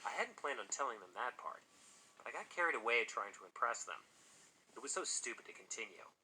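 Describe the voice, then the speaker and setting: Male narrator for a spooky tale, very bright tone, animated delivery. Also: medium pitch, brisk, a little hiss or hum, poor audio. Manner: dramatic, expressive reading. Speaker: storyteller. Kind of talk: first-person scary story narration.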